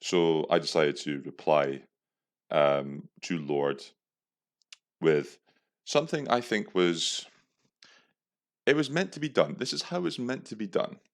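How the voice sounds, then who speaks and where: Man, young adult, low pitch, very lively intonation, profane comic rant, podcast host. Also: slow, long pauses. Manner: crude, profane comic ranting. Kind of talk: casual storytelling monologue.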